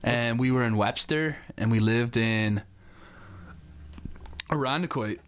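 A man's voice: medium pitch, slow pace, a little hiss or hum. A man, telling a rambling, profane story as a podcast co-host. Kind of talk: casual chat.

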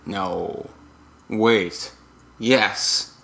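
A man co-hosting a comedy podcast, making absurd jokes with deadpan delivery. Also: fairly low pitch, very slow, creaky. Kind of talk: improvised comedy banter.

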